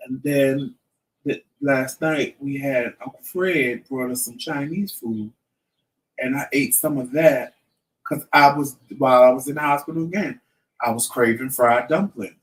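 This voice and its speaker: A medium-pitched man in his fifties, speaking at a measured pace, tells a story from a distance as a vlog host. It's casual storytelling chat, and he's animated, acting out the quoted dialogue.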